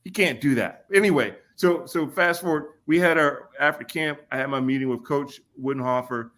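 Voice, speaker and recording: A man's voice: on the high side, brisk, few pauses. A middle-aged man from Kentucky, a podcast guest, telling a long personal story in a casual way and acting out what others said with a raised voice. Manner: animated, acts out quotes with raised voice.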